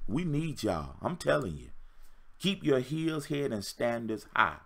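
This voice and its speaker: Man, fifties, relationship coach, preachy livestream pep talk, forceful bright tone. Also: mid-range voice, sing-song, a little slow. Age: 50s. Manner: emphatic, repetitive, preachy exhortation.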